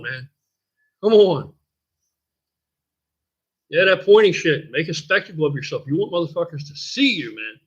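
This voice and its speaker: Blunt, profane man with a husky voice. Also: high-pitched, fairly bright tone. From United States. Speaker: host. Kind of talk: casual live-stream chat. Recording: dull lo-fi stream audio.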